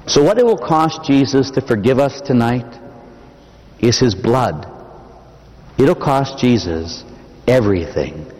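A man's voice: medium pitch, lively intonation, takes it slowly, long pauses. Impassioned male preacher in a reverberant church. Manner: dramatic, impassioned preaching with sudden swells to shouting and drops to near-whisper. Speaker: Catholic priest. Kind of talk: sermon. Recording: long hall reverb.

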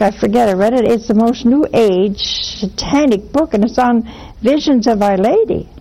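An older woman hosting a religious call-in show, talking in an animated way and acting out little dialogues. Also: on the high side, rough recording. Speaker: host.

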